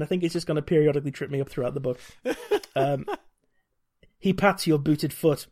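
Guy with a slightly high voice reading an old gamebook out loud, wry jokey asides. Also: brisk. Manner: wry, laughs often, reads narration steadily. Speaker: podcast host reading a gamebook.

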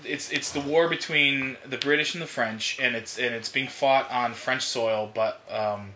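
A man's voice: mid-range voice, fairly even intonation, unhurried, pushed and bright. A man telling a long rambling story in casual chat, swearing and laughing often. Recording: echoey room, faint noise.

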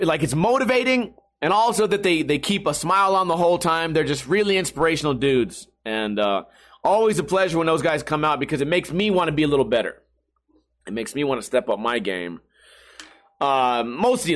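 Speaking in a slightly high voice with a fairly bright tone, a young man rants sarcastically straight to camera. He's a skateboarding vlogger, and this casual, profane monologue has him swearing freely while griping about his internet and his skating.

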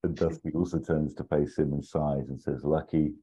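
A man casually pitching a comedic film sequel scene by scene, often popping into silly high character voices. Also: steady tone, moderate pace, dark tone, breathy edge. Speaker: podcast co-host pitching an imagined sequel. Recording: dull lo-fi sound.

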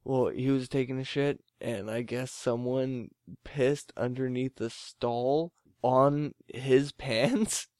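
A man co-hosts a late-night podcast in loose, profane banter, laughing as he rambles through stories. His voice is mid-pitched and recorded dry and close, with no room sound around it. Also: fairly even intonation, takes it slowly, darkish tone, no echo. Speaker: podcast co-host.

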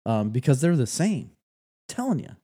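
A man's voice: mid-range voice, sing-song, moderate pace, dark tone, husky. A man co-hosting a podcast, chatting casually and laughing often. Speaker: podcast co-host. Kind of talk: casual banter.

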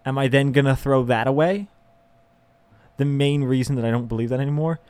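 A young man talks through his frustrations in a candid, profane monologue, laughing and sighing as he goes. His voice sits at an ordinary middle pitch. The recording is dry and close, with no room echo. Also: brisk, a little mellow, clean tone. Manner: ranting, profane, with frequent laughs and sighs; emotional and exasperated.

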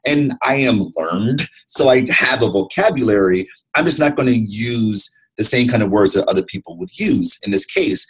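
A man's voice: mid-range voice, animated, moderate pace, few pauses, breathy edge, poor audio. A man from Detroit, a podcast guest, talking earnestly and reflectively about his path, often restarting his words. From Detroit, USA. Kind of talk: candid interview conversation.

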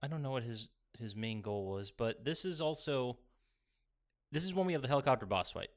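A man's voice: medium pitch, lively intonation, brisk. A man co-hosting a casual podcast, rambling through a video game's plot, swearing casually and laughing often. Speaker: podcast co-host. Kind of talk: casual chat reviewing a video game.

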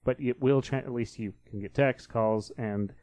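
A man's voice: medium pitch, fairly even intonation, moderate pace, mellow, no room sound. A man hosting a casual chat who explains things and steers the talk.

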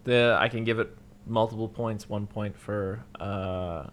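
A young man in casual conversation about a film, animated and swearing freely, often jumping into loud, high-pitched impressions of the characters. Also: measured pace, a little hiss or hum. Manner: animated, acts out quotes with sudden loud high jumps. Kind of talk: casual movie discussion.

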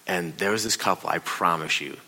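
A man giving a conversational, confessional sermon as a pastor, dropping to a hush and rising loud while telling a story. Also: low-pitched, brisk, slightly rough, low-quality recording.

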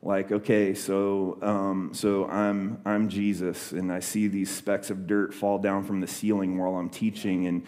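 A man's voice: low voice, little pitch movement, unhurried, few pauses, a little mellow. Conversational young male preacher. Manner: conversational storytelling with many fillers and restarts. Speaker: pastor. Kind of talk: sermon.

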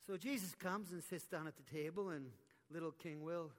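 A man's voice: on the high side, moderate pace. A man preaching a sermon at a live event, telling a story animatedly and repeating his words as he goes. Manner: animated, repetitive stammering. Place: conference hall, live audience. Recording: echoey live conference hall.

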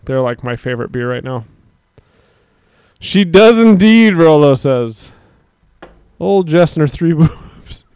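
A man's voice: medium pitch, a little slow, darkish tone, smooth, no room sound, studio quality. A man co-hosting a livestream, bantering crudely, laughing often and reading chat aloud. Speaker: livestream co-host.

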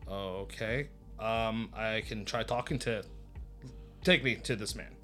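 A man narrating a tabletop game as game master in a casual, halting way. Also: on the low side, bright, forceful tone, soft background music.

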